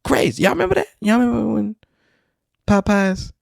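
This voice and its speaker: A man's voice: high-pitched, big pitch swings, moderate pace, gravelly, a little mellow, no echo, studio quality. A man from New Orleans hosting a podcast, rambling through a casual solo monologue with wry, profane asides. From New Orleans, Louisiana. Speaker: podcast host.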